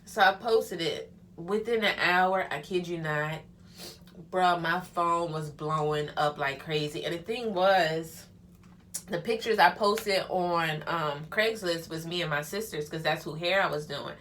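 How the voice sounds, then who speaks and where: A woman's voice: on the low side, a little slow, fairly bright tone, a little hiss or hum. A young woman vlogging as she gets ready, telling her life story in a candid, chatty way and using slang like honey and child. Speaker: vlogger and hairstylist. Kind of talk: casual get-ready-with-me storytelling.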